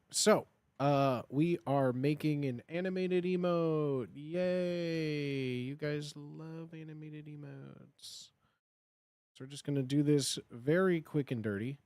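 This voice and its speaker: A man's voice: a little high, slow, a little mellow, no echo. A man chatting casually on a live stream, nervous and muttering to himself between fillers. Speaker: livestreamer.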